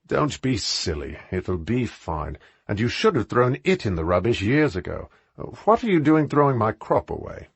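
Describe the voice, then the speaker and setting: A man's voice: medium pitch, very animated, moderate pace, hardly any pauses, slightly rough, dry recording, full character voice. A man reading an audiobook, voicing a charming, mischievous aristocratic man. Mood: teasing.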